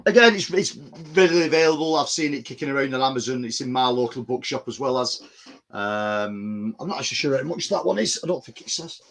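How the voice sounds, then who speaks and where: A man's voice: medium pitch, expressive, a little fast, fairly bright tone. A man from the North West of England, chatting casually on a podcast co-hosting, rambling with plenty of ums. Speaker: podcast co-host. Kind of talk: casual chat.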